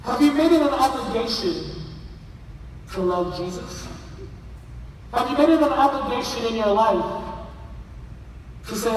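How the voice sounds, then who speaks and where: A man preaching a sermon with passion, rising to shouts and calling on the congregation to answer. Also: high-pitched, expressive, a little slow, pauses often, distant mic, slight background noise. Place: large church hall. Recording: echoey hall, voice from afar.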